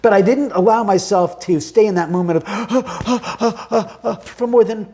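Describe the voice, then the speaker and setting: A man's voice: high-pitched, unhurried, darkish tone. A middle-aged man, a homeowner guest, telling his story vividly and acting out his own thoughts. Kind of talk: animated storytelling.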